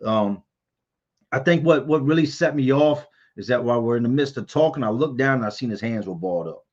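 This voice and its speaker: A man's voice: medium pitch, animated, fairly quick, highs cut off. Candid man telling stories on a livestream. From Virginia, US. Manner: candid, storytelling, reads out viewer comments. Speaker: livestream host answering viewer chat. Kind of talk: casual livestream chat.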